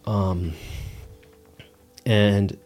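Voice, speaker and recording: A man with a lowish voice speaks very slowly, sharing a personal testimony as a guest in a casual storytelling interview. He's relaxed and rambling, leaning heavily on "like" as a filler.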